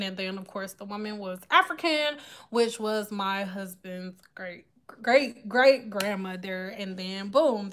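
A woman's voice: medium pitch, fairly bright tone. A woman in her thirties, chatting and joking straight to her viewers in a casual vlog. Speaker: vlogger. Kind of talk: casual chat to viewers while doing hair.

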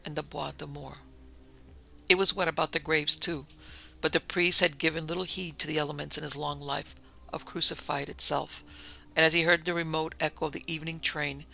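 A man with a gravelly, sharp-toned voice on the high side narrates a gothic ghost story as a podcast host. His reading is measured and solemn, and the recording is rough.

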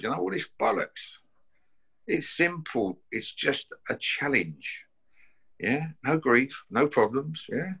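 Blunt, swearing man with a bright edge. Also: fairly high pitch, animated, takes it slowly, vocal fry, slightly rough. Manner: blunt and combative, swearing, keeps tagging "yeah?" and "mate". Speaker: bare-knuckle fighter issuing a challenge. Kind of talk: confrontational call-out to camera.

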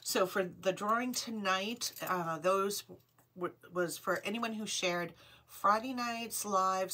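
A woman's voice: mid-range voice, bright, forceful tone. A middle-aged woman with a Rhode Island accent, hosting a live jewelry sale stream and chatting casually, greeting viewers by name and repeating item numbers. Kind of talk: live-stream sales chat.

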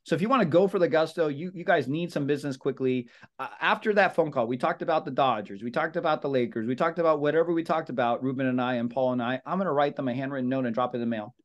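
At a team meeting, a man with a mid-range voice talks fast with few pauses, training real estate agents. Energetic and casual, he repeats himself, acts out example phone calls, and calls the group "guys" and "brother."

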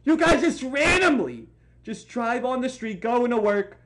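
A woman hosting a comedic reaction video, loud and incredulous, swearing and exclaiming, dropping to a low voice and jumping back high for the jokes. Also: lively intonation, unhurried. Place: at home. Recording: noisy home recording.

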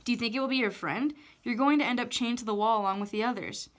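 A woman's voice: a little high, quick pace, close to an everyday voice. Woman reading a haughty, coaxing witch for a storybook. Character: wounded scheming witch, woman.

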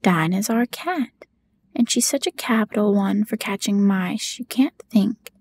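A woman voicing an eager, plaintive little girl in a whispered role-play, softly pleading. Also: medium pitch, a little slow, breathy edge.

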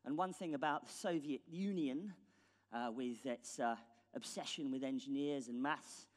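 On a large conference hall stage, an Englishman delivers a keynote in a medium-pitched voice at a moderate pace, the hall adding reverb. He's blunt and ironic, keeping things casual and swearing along the way.

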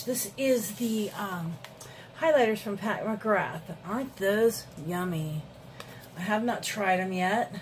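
A woman's voice: mid-range voice, slight background noise, rough recording. A middle-aged woman talking casually through a makeup tutorial, rambling with fillers as she works. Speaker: beauty vlogger.

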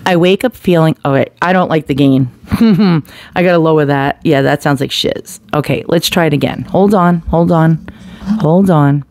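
Here the reviewer's voice is mid-range and a little mellow, with a slightly slow delivery and no echo. Testing a desktop USB condenser microphone at home beside household appliances, they move closer and farther while chatting bluntly and casually swearing through the demo.

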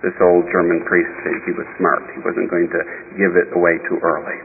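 A man, a bishop, telling a story in a sermon at an unhurried pace, with pauses and small restarts. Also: sits low, little pitch movement, gravelly. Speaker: bishop preaching. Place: church. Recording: reverberant church heard over a tinny, lo-fi line with faint hiss.

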